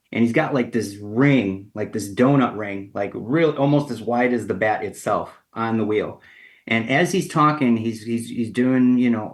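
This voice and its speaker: A man with a somewhat low voice tells his story as an interview guest on the radio. He talks casually, leans on fillers like "you know" and "like," and acts out the lines of the people in it with lively shifts. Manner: casual and animated, acts out quoted dialogue, many fillers. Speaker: ceramic artist guest.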